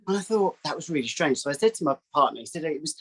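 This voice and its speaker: A man, a psychic guest telling a story in casual chat, acting out quoted voices in a higher pitch. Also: lively intonation, quick pace, breathy edge, poor audio. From England.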